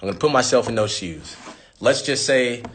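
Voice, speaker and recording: A man's voice: medium pitch, lively intonation, normal speed, a bit bright, husky. A man hosting a live stream, giving blunt, profane advice in a casual monologue.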